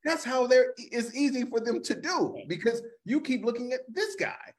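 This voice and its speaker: A man co-hosting a casual comedy podcast, talking in an animated, profane way and reading out viewer comments. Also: very high-pitched, normal speed. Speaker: comedian co-host. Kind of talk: casual live-streamed podcast banter.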